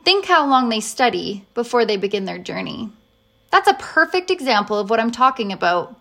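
A woman voicing a wise, patient older male professor who speaks slowly and distinctly in a storybook reading. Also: fairly high pitch, sing-song, creaky, sharp tone, exaggerated voice. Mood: earnest. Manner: slow, distinct and earnest.

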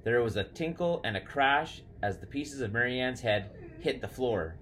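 A man narrating an audiobook in a steady, measured storytelling manner. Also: medium pitch, a little hiss or hum. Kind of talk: scripted narration.

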